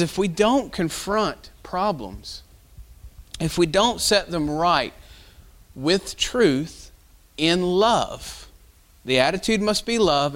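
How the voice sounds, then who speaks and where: A man's voice: high-pitched, a bit bright. A male pastor giving a sermon in a folksy, conversational style, telling stories with casual fillers.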